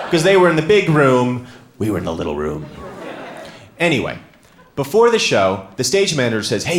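A man performing a stand-up comedy set on stage, telling a self-mocking story with dry sarcasm. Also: mid-range voice. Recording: echoey live room with clear background noise.

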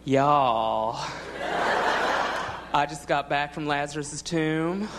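A man voicing an effeminate, gossipy Jesus with a put-on Southern drawl, in a stand-up bit. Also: drawn-out words. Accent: American Southern, put on. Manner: gushing, high and fluttery. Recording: live comedy club with crowd and noise.

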